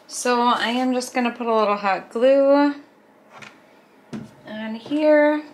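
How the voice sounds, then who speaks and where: A woman's voice: on the high side, takes it slowly. A woman hosting a casual craft video, narrating each step as she works, chatty with small laughs. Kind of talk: casual craft tutorial voice-over.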